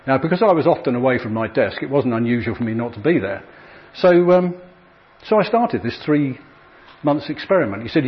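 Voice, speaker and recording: A man's voice: medium pitch, lively intonation, a little fast, lo-fi sound. A middle-aged man, speaking to an audience in a chatty, self-deprecating way with frequent fillers. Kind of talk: anecdotal talk to an audience.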